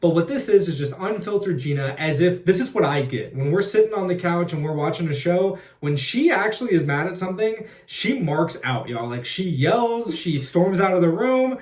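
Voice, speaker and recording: A man's voice: high voice, lively intonation, normal speed, hardly any pauses, a little mellow. A man, co-hosting a casual podcast, introducing segments and teasing his partner. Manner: playful, teasing, leads the segments. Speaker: podcast co-host. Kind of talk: casual chat. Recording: echoey room, mic at a distance.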